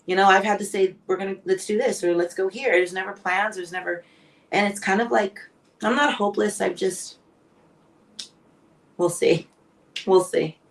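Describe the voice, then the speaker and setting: A woman's voice: mid-range voice, steady tone, moderate pace, vocal fry, long pauses, recorded from a distance. A woman in her forties, a guest on a live interview show, speaking candidly and with emotion. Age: 40s. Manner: emotional, candid, tearful at times.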